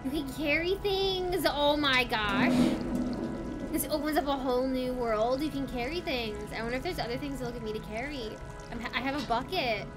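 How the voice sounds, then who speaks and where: A woman streamer giving excitable, gasping commentary as she plays a game live and chats to her viewers. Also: high-pitched, normal speed. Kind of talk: live let's play commentary. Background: game music.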